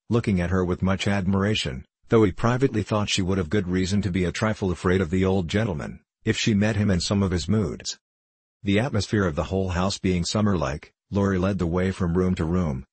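A man reading a story aloud as an audiobook narrator, in a steady, even storytelling manner. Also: deep voice, slightly rough, no echo.

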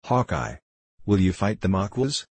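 A man reading the lines of a grave, dignified older warrior with slow solemn speech in an audiobook. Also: low-pitched, sing-song, husky, dry recording, full character voice.

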